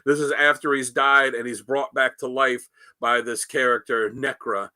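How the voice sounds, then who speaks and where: A man co-hosting a podcast, with a bright, tense-edged voice recorded close and dry. He rambles through his stories, leaning on fillers and restarts. The talk is loose and casual. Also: medium pitch, steady tone, normal speed, dry recording. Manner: rambling, many "you know" fillers. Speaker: podcast co-host. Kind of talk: casual chat, retelling comic scenes.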